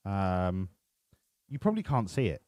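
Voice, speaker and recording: A man's voice: sits low, very animated, measured pace, darkish tone, no room sound, clean studio sound. A man commentating his game livestream, joking and swearing as he banters with his chat. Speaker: streamer. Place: home room.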